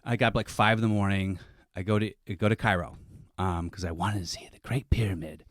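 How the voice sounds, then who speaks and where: A man's voice: sits low, fairly even intonation, a little fast, no room sound. A man in a dry close-mic studio, telling a comic story on a podcast in a rambling, self-interrupting way with frequent restarts.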